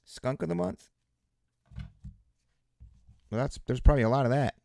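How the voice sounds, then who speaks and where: A man hosting a live card break, chatting casually with viewers as he opens cards, relaxed and joking. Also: mid-range voice, moderate pace, vocal fry. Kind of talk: casual live commentary while opening cards.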